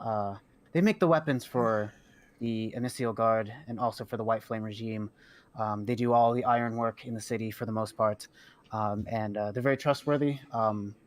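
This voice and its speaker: A man's voice: mid-range voice, close to an everyday voice. A man voicing a polite, helpful female hostess at an adventurers' guild in a tabletop game, full of small fillers. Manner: helpful, gives directions with many fillers. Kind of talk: tabletop role-play voice.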